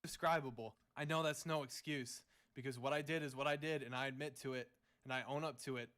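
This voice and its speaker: A young man making a defensive apology statement, halting with many restarts. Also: medium pitch, steady tone, a bit bright. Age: young adult.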